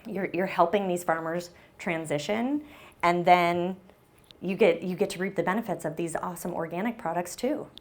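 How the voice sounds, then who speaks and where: A woman's voice: on the low side, normal speed. A woman giving a conference keynote talk on a stage mic, upbeat and chatty, with lots of ums and "right?". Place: conference room with an audience. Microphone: handheld or stage mic that briefly cut out.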